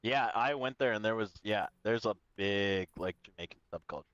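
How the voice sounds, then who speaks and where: A man's voice: fairly low pitch, moderate pace, a bit bright, no room sound. A man co-hosting a podcast in casual chat, rambling with lots of "like" and laughter. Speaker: podcast co-host. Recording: slightly dull lo-fi sound.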